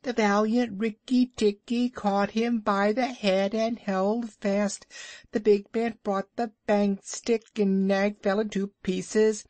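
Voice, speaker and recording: A man voicing an excitable, boastful little male tailorbird in a high sing-song voice. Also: slow, dry recording. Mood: triumphant.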